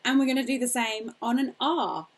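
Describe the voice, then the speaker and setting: A woman's voice: on the high side, fairly even intonation, moderate pace, very noisy. Encouraging woman singing teacher. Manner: cheerful, encouraging, demonstrates vocal exercises. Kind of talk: children's singing warm-up lesson.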